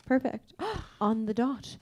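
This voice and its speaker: A woman's voice: on the high side, lively intonation, slow, warm tone, a little hiss or hum. A woman co-hosting a live comedy podcast on stage, firing off dry quips and teasing questions. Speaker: podcast co-host.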